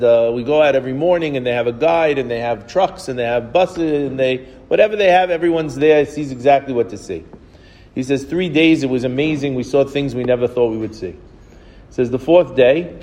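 A man's voice: medium pitch, a little mellow, big-room sound. A man giving an informal Torah class, telling stories conversationally, often restarting his words and acting out the dialogue. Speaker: rabbi teaching a class.

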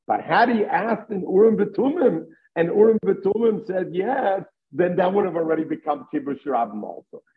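A Talmud teacher explains a lesson step by step, weaving Hebrew and Aramaic terms into his English. His voice sits high with lively intonation, at normal speed with few pauses, over tinny phone-line audio.

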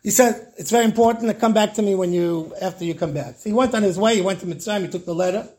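Rabbi, male, high voice, animated storyteller who acts out the dialogue. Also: fast talker, slightly rough. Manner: lively storyteller acting out dialogue with Hebrew terms. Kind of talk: storytelling Torah class.

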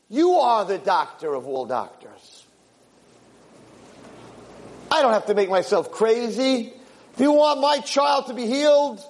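A man voicing a desperate father who pleads urgently for help with his sick child. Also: heavily acted. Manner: frantic, urgent, high-pitched pleading.

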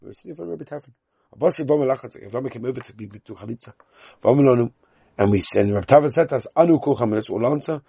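In a Talmud lesson, a man chants the text sing-song and then translates and explains it, his Yeshivish English carrying a Yiddish lilt. He speaks very fast in a fairly low, gravelly, dark and slightly rough voice, with no echo.

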